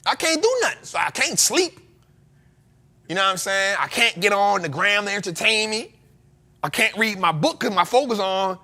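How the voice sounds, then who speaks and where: Animated, gravelly-voiced man. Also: sits high, normal speed. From United States. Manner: animated, slangy, laughs often. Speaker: show host. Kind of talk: casual storytelling.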